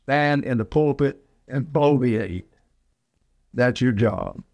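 A man's voice: mid-range voice, takes it slowly, a little mellow, no echo. A man in his eighties from Alabama, preaching a sermon in a folksy, rambling way. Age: 80s. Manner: folksy, digressive storytelling. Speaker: pastor.

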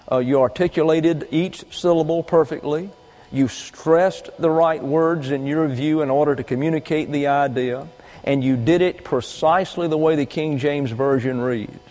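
Emphatic preacher in a reverberant hall. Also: male voice, on the high side, darkish tone. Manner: emphatic, repetitive teaching with folksy trail imagery. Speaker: pastor. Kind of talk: doctrinal sermon.

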